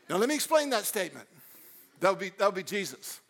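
High-voiced animated male preacher. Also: brisk. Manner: animated preaching, swings between loud emphasis and quiet storytelling. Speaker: pastor. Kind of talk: sermon.

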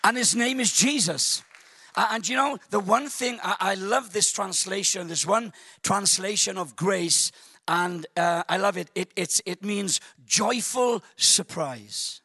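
A man preaching a sermon in a church service, telling a funny story in an animated, joking way with stammering restarts. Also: sits high, unhurried, breathy edge, no echo.

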